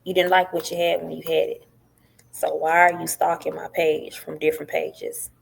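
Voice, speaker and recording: With a deep, creaky, husky voice at a moderate pace, a middle-aged woman tells her story as a podcast guest. She keeps it casual and animated, acting out what others said.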